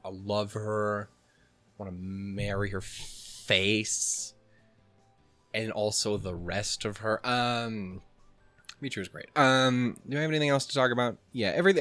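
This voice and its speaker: A man hosting a let's play, chatting and reading in an excitable, jokey way with lots of swearing. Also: fairly low pitch, no room sound. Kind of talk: casual let's play commentary.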